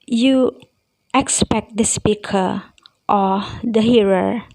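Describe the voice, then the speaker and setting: A woman English teacher with an Indonesian accent, calmly explaining test questions and reading out example answers in a recorded lesson. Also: medium pitch, slow pace, no room sound, low-quality recording.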